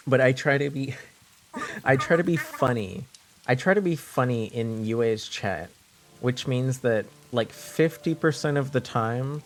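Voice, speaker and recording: Male streamer from French Canada, unhurried delivery, playful, rambling chat that loops back on itself. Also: medium pitch, faint music behind. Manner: rambling, joking, repeats himself. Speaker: live streamer.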